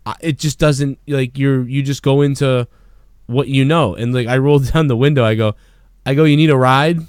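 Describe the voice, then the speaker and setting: Smooth-voiced man telling a wild story. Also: mid-range voice, normal speed, no room sound, studio quality. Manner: profane, rambling, excitable storyteller. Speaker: podcast host. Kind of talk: casual storytelling.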